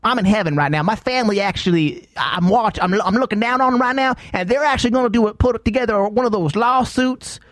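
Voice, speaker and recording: A man puts on a dopey Southern redneck who died by alligators, speaking in a high, drawling, foolishly earnest voice. The sound is dry and close, with no room around it. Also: fast talker, hardly any pauses, fairly bright tone, dry recording. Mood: indignant. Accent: put-on Southern redneck. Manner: raised pitch, earnest and foolish. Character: dim-witted dead Southern man mauled by alligators.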